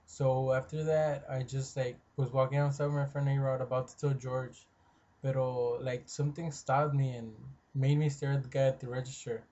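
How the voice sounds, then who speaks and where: A man's voice: medium pitch, little pitch movement, normal speed, mellow, highs cut off. Young man telling a rambling story. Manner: rambling, quotes friends, many fillers and restarts. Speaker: vlogger. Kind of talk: casual storytelling vlog.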